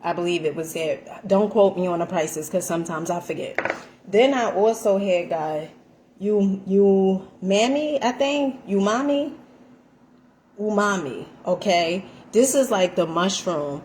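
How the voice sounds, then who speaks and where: A woman chatting through a casual home cooking vlog, animated and full of fillers, calling her viewers honey. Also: on the low side, normal speed, a little hiss or hum. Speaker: vlogger. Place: home kitchen.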